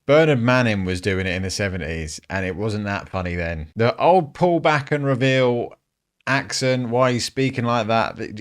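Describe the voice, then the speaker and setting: A man hosting a casual commentary show, chatty and frank, swearing freely and laughing often. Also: fairly low pitch. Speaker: podcast host.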